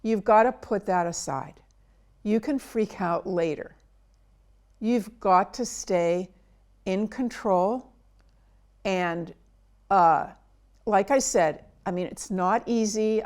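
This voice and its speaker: A woman's voice: medium pitch, a little mellow. A middle-aged woman, a child psychiatrist, giving earnest advice to parents in an interview and sometimes acting out what parents and children say. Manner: slow, earnest, acts out quoted dialogue.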